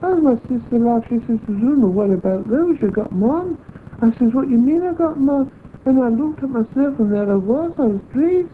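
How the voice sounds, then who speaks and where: A woman's voice: a little high, lively intonation, a little hiss or hum. A woman unhurriedly recounting a personal experience, acting out remembered conversations as she goes. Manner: unhurried storytelling, acts out remembered dialogue. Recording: tinny phone-like old tape.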